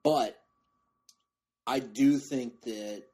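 A man's voice: mid-range voice, fairly even intonation, very slow, mellow, husky. A man hosting a podcast, chatting casually and restarting sentences as he goes. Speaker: podcast host. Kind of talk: casual chat.

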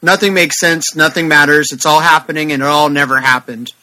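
A man co-hosts a casual podcast about comics, easygoing and wry. His voice sits a little high, with a bright, forward tone. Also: fairly even intonation, brisk, rough recording. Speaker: podcast co-host.

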